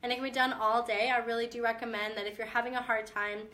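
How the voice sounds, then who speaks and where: Young mom vlogger, bright kinda high voice, chatty and pushy-encouraging, bit of a cough. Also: female voice, level tone, fast talker. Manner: upbeat, chatty, direct encouragement. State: chest cough. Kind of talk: casual motivational talk to camera.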